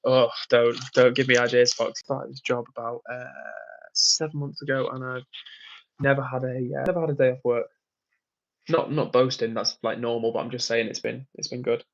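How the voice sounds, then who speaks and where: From a hotel room while away for work, a man hosts a casual livestream, reading viewers' comments and laughing frequently. His medium-pitched voice is level and brisk, and the audio sounds dull.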